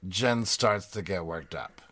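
A man hosting a casual recap podcast, summarizing in a dry, steady way with small laughs. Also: sits low, a little slow. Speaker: podcast host.

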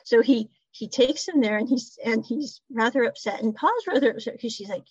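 A woman chats through an episode recap in a loose, rambling way, circling back with casual asides. Her voice sits a little high and comes across husky. The recording is dry and dull, with a lo-fi sound. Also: brisk, few pauses, no room sound. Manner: rambling retelling with "so anyway" asides. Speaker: series reviewer.

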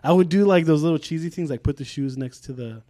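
A young man, a podcast co-host in casual chat, telling stories animatedly, acting out quotes loudly and laughing often. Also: fairly high pitch, fast, no echo, studio quality. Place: podcast studio.

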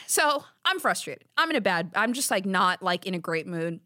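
A woman's voice: mid-range voice, very animated, moderate pace, sharp tone, dry recording, studio quality. A young adult woman, hosting a podcast and telling a story in a chatty, exasperated way full of "like"s. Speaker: podcast host. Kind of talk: casual storytelling.

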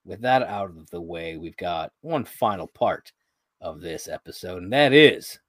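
A man's voice: low-pitched, a little slow, dry recording, clean studio sound. A man co-hosting a podcast, chatting casually about a sitcom episode, rambling, laughing often and swearing now and then. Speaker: podcast co-host.

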